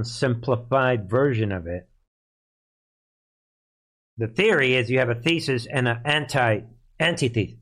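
A man's voice: mid-range voice, a bit bright. A man hosting a live political commentary stream, talking in a sarcastic, scoffing way.

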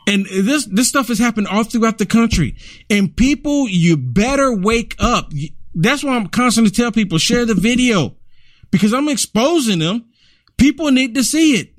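A man's voice: very high voice, expressive, moderate pace, dry recording, studio quality. A man giving outraged political commentary over video clips, repeating himself and urging listeners. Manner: indignant, repetitive, urging.

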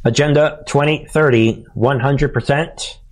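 A man's voice: mid-range voice, steady tone, measured pace. A man hosting a political commentary monologue, talking in a chuckling, sarcastic, conversational way. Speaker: commentary show host.

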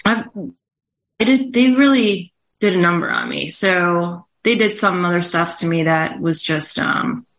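A woman guest talks casually and earnestly, often halting and restarting. Her voice sits on the low side for a woman. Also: lively intonation, a bit bright. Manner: halting, many fillers, earnest. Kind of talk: casual interview talk.

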